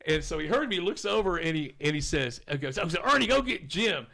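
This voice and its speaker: Fifties guy from oklahoma, bit higher voice, rambling story mode, swears casually. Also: animated, brisk, gravelly, pushed and bright. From Oklahoma, USA. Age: 50s. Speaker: podcast guest.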